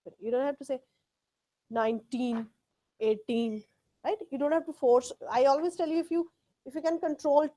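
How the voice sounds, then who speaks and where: A woman's voice: high voice, moderate pace, warm tone. A woman teaching a live test class, drilling pronunciation by repeating words. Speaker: English test tutor.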